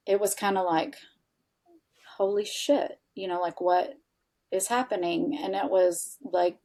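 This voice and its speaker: Woman telling a personal story casually. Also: mid-range voice. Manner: animated, many fillers like "you know" and "like"; candid, with occasional swearing. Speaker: interview guest, integrative health practitioner.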